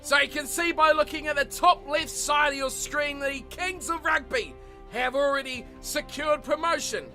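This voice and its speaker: Very high-voiced man calling rugby gameplay. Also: normal speed. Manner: play-by-play caller, lively and chatty. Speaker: video game let's player. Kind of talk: mock sports commentary over gameplay. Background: game music.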